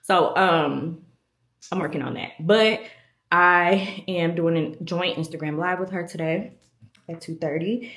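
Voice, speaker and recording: A woman's voice: deep voice, reverberant. A woman vlogging in casual talk to camera, chatty and self-deprecating, a little out of breath, with many fillers.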